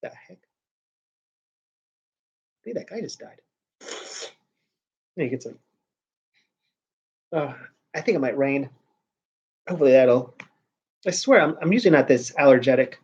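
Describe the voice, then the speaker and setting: A man talking casually to his livestream viewers in a middle-pitched voice, wandering from thought to thought. He keeps restarting his sentences and letting them trail off. The recording sounds dull and lo-fi. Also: animated, measured pace, pauses often, darkish tone, slightly rough. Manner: rambling, with frequent restarts and trailing off. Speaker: vlogger host.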